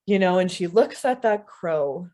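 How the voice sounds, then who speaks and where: Slow, expressive woman telling a story. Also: on the low side. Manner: slow, vivid, expressive, repeats phrases for rhythm. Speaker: guest speaker, scholar. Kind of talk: oral storytelling in a talk.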